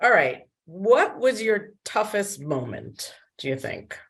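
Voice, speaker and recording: Lively woman radio show host. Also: medium pitch, slow pace. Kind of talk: interview chat.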